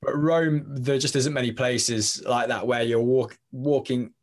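A man's voice: medium pitch, steady tone, measured pace. A young English man with a London or Leicester accent, talking as a podcast guest in a rambling, self-interrupting, jokey way. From England. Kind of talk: casual interview chat.

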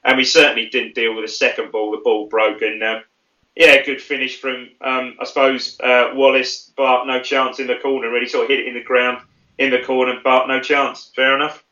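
A man talks through goals on a football podcast in a casual, chatty way, full of fillers and easy laughter. His voice is bright and forceful, but he sits well back from the mic in an echoey room. The sound is a little dull. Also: mid-range voice, little pitch movement, normal speed. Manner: chatty, laughs often, thinks aloud with fillers. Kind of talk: casual match analysis chat. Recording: roomy, distant and dull.

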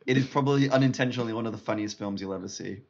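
A man from Singapore chatting on a podcast in a playful, teasing manner. His voice sits a little low, with a dull, lo-fi sound. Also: racing, gravelly. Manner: playful, laughs easily. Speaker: podcast co-host. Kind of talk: casual podcast chat. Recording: dull lo-fi audio.

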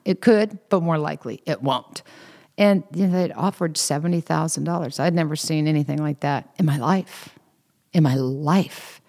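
Low-voiced woman telling lively stories. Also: creaky. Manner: lively anecdotes with quoted voices and laughter. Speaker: interview guest. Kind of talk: casual storytelling.

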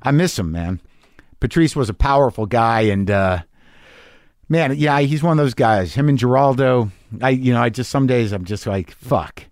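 A man's voice: mid-range voice, animated, moderate pace, darkish tone, no room sound, clean studio sound. Profane, rambling middle-aged male podcast host. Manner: loose, profane, rambling with restarts. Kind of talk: casual monologue reading listener emails.

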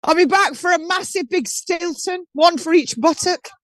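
High voiced english lady walking around a market on her phone, lots of stops and restarts. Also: moderate pace, no echo. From southern England. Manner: chatty, animated, with many restarts. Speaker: guest on a live call-in show. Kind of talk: live walking tour on a phone call. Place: outdoor street market.

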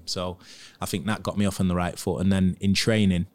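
Lower-voiced former footballer telling stories. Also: male voice, brisk, few pauses, slight background noise. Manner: chatty, animated, acts out quotes from others. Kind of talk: casual interview storytelling.

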